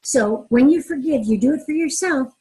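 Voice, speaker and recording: A woman's voice: high-pitched, moderate pace, low-quality recording. A middle-aged woman, a mediator and relationship author, answering interview questions earnestly and telling personal stories. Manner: earnest, expressive storyteller who acts out dialogue.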